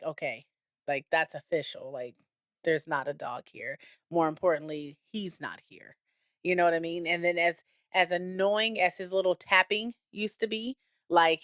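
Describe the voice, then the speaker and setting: A woman's voice: fairly low pitch, fairly bright tone, clear, resonant tone, no room sound, studio quality. A woman in her thirties co-hosting a podcast, chatting candidly and telling a family story with quoted voices. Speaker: podcast co-host. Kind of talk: casual chat.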